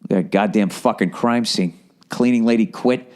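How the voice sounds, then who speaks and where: A man in his forties with a Boston accent, rambling through a profane, casual podcast monologue, dropping to low mumbles and rising to loud bursts. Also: moderate pace. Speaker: podcast host.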